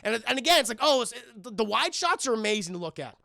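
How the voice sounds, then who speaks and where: A man hosting a livestream, casually reviewing a film for his chat in a profane, animated way. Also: very high-pitched, fast talker, gravelly, no echo, clean studio sound. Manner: acts out lines in put-on voices. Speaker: livestream host.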